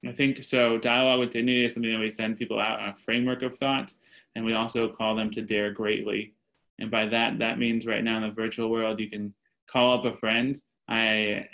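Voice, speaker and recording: A man's voice: lowish voice, fairly bright tone, poor audio. A man speaking as a panelist, earnest, telling stories and quoting voices, heard over a video call. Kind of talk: panel discussion.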